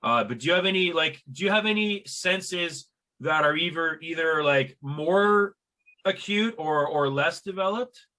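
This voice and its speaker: Podcast host, man, bright tense voice, slightly high, animated storyteller with stammered restarts. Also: measured pace. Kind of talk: casual chat.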